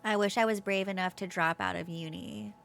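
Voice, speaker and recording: A woman streamer reading aloud the inner thoughts of a gloomy, self-loathing young student from a video game, in a flat, downbeat way. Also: medium pitch, a little fast, vocal fry, soft background music. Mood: glum.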